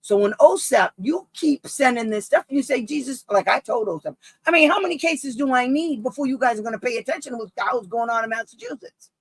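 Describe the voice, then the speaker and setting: A woman's voice: sits high, expressive, quick pace, breathy edge, dry recording, low-quality recording. A woman special education advocate talking bluntly and emphatically in a casual live stream, laughing often.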